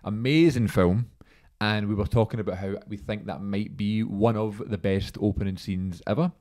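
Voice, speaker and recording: A man's voice: fairly low pitch, steady tone, normal speed, warm tone. A man in his twenties hosting a podcast, chatting casually and rambling through anecdotes with lots of "like"s. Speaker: podcast host. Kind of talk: casual chat.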